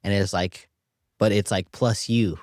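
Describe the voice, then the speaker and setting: A man's voice: on the low side, fairly even intonation, a little slow, a little mellow, no echo, studio quality. A man hosting a podcast, affirming and encouraging his guest in a candid conversation and reflecting back what he hears. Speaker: podcast host.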